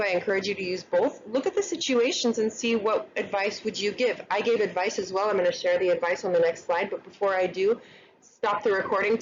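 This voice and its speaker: A woman teaching an online English grammar lesson, chatty and relaxed, often checking in with "right?". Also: mid-range voice. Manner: casual, many fillers and "right?" checks. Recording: slightly dull lo-fi recording, faint noise.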